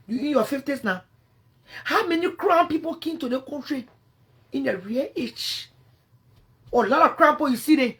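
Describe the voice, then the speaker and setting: It's an angry livestream rant: a woman with a Liberian English accent confronts someone over her phone, cursing as she goes. She alternates between quiet muttering and sudden loud outbursts.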